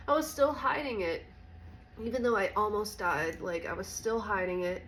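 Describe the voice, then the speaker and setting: Woman talking to camera about her past, halting and candid, mid pitch. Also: a little hiss or hum, low-quality recording. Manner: candid, halting, soft-spoken. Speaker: recovery vlogger. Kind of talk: personal storytelling.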